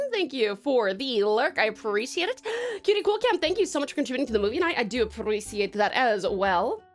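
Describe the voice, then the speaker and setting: A young Australian woman on a live stream, gushing and cursing with delight as she thanks her viewers. Her voice is high and bounces around animatedly. Soft music plays underneath. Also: sing-song, normal speed. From Tasmania, Australia. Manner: effusive, bubbly, swears freely. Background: faint music.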